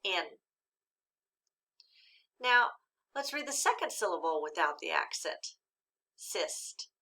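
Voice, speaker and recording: A woman teacher giving a slow, patient phonics lesson, speaking clearly and sounding out each syllable. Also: on the low side, big pitch swings, sharp tone. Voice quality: clear, deliberate enunciation of syllables.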